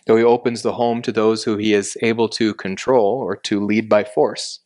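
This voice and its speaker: A man with a lowish voice leads a Bible lesson, explaining each verse step by step. His delivery is measured and deliberate, and he slows down on the words he wants to stress. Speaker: Bible teacher.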